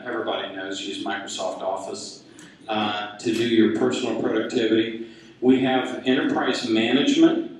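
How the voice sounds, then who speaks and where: A man with a Texan accent gives a folksy, joking presentation about school technology to an audience. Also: mid-range voice. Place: large echoey hall. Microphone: handheld mic after a distant start. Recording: echoey hall, distant mic.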